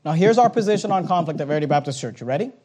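A man with a high voice preaches with animated energy, jumping into acted-out exchanges between people. He drives his points home bluntly and drops in wry jokes along the way. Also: rapid-fire. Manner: animated preaching with acted-out dialogue and rising emphasis; blunt, joking asides. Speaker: pastor. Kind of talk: sermon.

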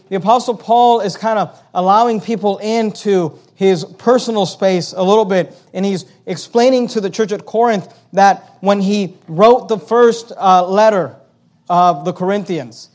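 A man pastor preaching a sermon, explaining scripture word by word, urging listeners to take notes and growing more emphatic as he voices the apostle's words. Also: high-pitched. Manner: expository preaching, repeating key words and urging note-taking; grows louder and more emphatic when voicing the apostle's words.

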